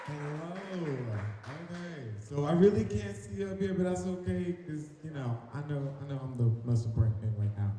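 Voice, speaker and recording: Young male stand-up, playful and chatty, slightly high voice, heavy reverb. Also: animated, moderate pace, few pauses, music in the background, a crowd in the background. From North Carolina. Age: young adult. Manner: playful, chatty, audience-teasing. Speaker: stand-up comic. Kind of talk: stand-up comedy. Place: large echoing hall on stage. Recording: echoey hall reverb.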